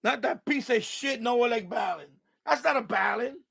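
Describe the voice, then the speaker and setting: A ham radio livestream host with a high, gravelly, slightly bright voice rants at normal speed in an unscripted stream. He's mad, and his outburst is angry, profane, and repetitive.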